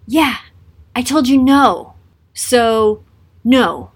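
A stubborn male army leader, fed up and refusing flatly, as a woman plays him. His lines come out exasperated and a bit loud, pitched fairly high. The telling stays casual. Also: extremely slow, husky, heavily acted.

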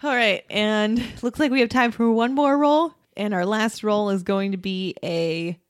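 A woman's voice: mid-range voice, steady tone, measured pace, slight background noise. A woman narrating a comedic tabletop game as game master, playful and giggly.

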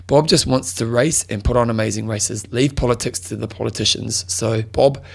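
A man's voice: mid-range voice, moderate pace, gravelly, slightly rough. A man co-hosting a podcast in casual chat, jokey and bantering, reading out a tribute. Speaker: podcast co-host.

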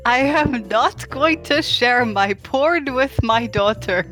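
A boisterous, giggly innkeeper in his cups, put on by a woman. He talks high and unhurried, drawing out his drunken exclamations. Faint music sits behind the tabletop-game recording. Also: expressive, fairly bright tone. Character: drunk jolly older male innkeeper.

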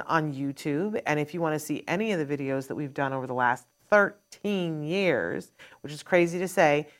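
A woman hosting a live Q&A show, chatty and upbeat, running through announcements in long strings. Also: sits low. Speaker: host.

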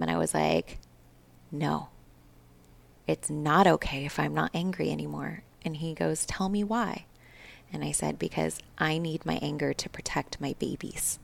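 Low gravelly woman, candid podcast guest. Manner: candid, emotional retelling with swearing and laughs. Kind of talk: candid storytelling interview.

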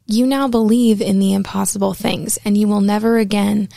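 A woman's voice: medium pitch, steady tone, normal speed, gravelly, dark tone, dry recording. A woman in her twenties telling a candid, profane personal story and acting out the quotes.

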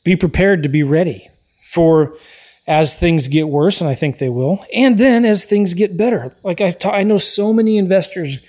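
Man, podcast host, motivational talk, emphatic, repeats himself, slightly high-pitched. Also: moderate pace, a little mellow. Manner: emphatic, repeats key points, frequent "right?" tags.

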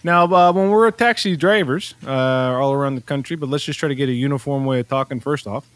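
A man's voice: mid-range voice, brisk, a little hiss or hum. A man performing improv comedy as an instructor, talking with many stammers and fillers. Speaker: improv performer leading a taxi class.

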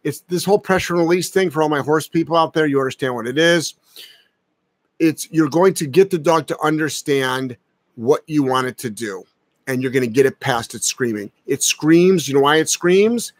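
A man's voice: on the high side, moderate pace, dry recording. A middle-aged man, a dog trainer hosting a casual live-stream advice chat, talking bluntly and emphatically and ranting with profanity. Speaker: dog trainer and show host.

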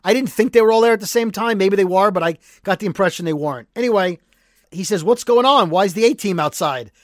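A man co-hosting a podcast, retelling a TV episode as an animated storyteller who acts out the quotes. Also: high-pitched, fast, no room sound, clean studio sound. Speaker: podcast co-host. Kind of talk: casual recap chat.

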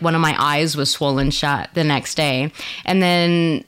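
Lower-pitched woman hosting a video chat. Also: a bit bright, clear, resonant tone. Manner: candid, swears freely, laughs easily. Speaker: host. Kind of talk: casual video-call chat. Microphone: video call.

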